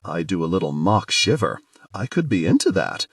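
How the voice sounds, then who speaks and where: Expressive male audiobook narrator, dry. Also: deep voice, normal speed, dry recording. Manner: playful, expressive storytelling. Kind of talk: first-person audiobook narration.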